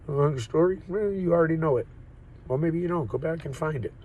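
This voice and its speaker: A man's voice: a little high, normal speed, darkish tone, a little hiss or hum, low-quality recording. A man talking into his phone in a rambling, profane, joking monologue that keeps wandering off topic. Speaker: vlogger. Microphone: phone or camera mic.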